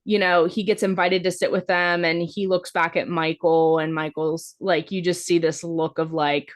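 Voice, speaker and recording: A woman's voice: lowish voice, little pitch movement, normal speed. A woman co-hosting a podcast, recapping a film in a casual, rambling way, full of "like" fillers and the odd swear word. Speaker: podcast co-host. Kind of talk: casual movie-review chat.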